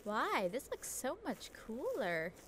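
A woman's voice: a little high, huge pitch swings, slow pace, a bit bright, slight background noise. A woman giving chatty, self-talking commentary while playing a video game, often giggling. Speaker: gaming streamer. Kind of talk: casual let's-play commentary.

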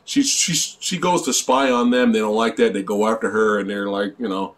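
A man's voice: fairly low pitch, normal speed. A man co-hosting a casual movie review, eagerly retelling scenes and often chiming in with agreement. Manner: animated storyteller, frequent agreeing "yeah". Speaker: co-host of a horror movie review vlog.

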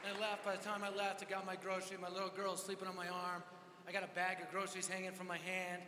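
A man preaching a sermon at a large event, telling a story with energetic, self-mocking humor. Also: sits high, quick pace, crowd noise, noisy background. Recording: echoey hall with live reverb.

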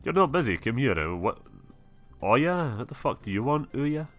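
A man's voice: medium pitch, big pitch swings, normal speed, a bit bright, soft background music. Swearing man playing a game. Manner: swearing, laughing, reads game text aloud. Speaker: gameplay streamer. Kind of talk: gameplay commentary. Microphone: webcam mic.

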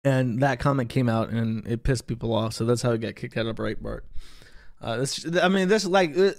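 A man's voice: medium pitch, moderate pace, gravelly, no echo, studio quality. A man hosting casual online commentary, irreverent and profane, with slangy asides. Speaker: internet commentary host.

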